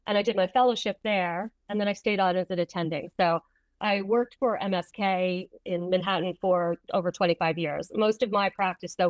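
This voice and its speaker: A woman in her fifties with a New York accent, a medical oncologist talking in an animated, chatty way as an interview guest. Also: medium pitch, no echo, rough recording. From Long Island, New York. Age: 50s. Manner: animated, chatty, self-deprecating laughter. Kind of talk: conversational interview.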